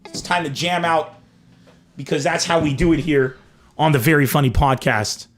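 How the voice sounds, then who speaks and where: A young man hosting a comedy podcast, telling stories in a loose, animated way and swearing freely. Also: on the high side, moderate pace, slight background noise. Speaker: podcast host. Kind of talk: casual comedic monologue.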